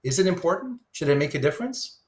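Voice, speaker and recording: A man's voice: on the high side, big pitch swings, fast. A man giving a live online philosophy lecture, thinking aloud with lots of rhetorical questions while he sketches diagrams.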